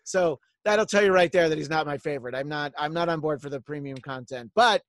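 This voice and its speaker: A man's voice: a little high, brisk, fairly bright tone, no echo. A man with a slightly raised voice hosts a podcast, rambling through the sign-off with lots of ums and uhs. The sound is dry and close, with no room around it. He keeps the talk loose and friendly with his guests. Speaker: podcast host. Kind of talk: casual chat wrapping up a show.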